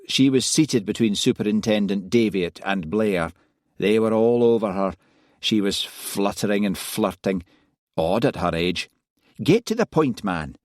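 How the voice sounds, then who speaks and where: A man's voice: fairly low pitch, darkish tone, no room sound, clean studio sound, natural voice. A man reading aloud, voicing a wry, gossipy Scottish detective inspector who likes his whisky. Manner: chatty, gossipy storytelling.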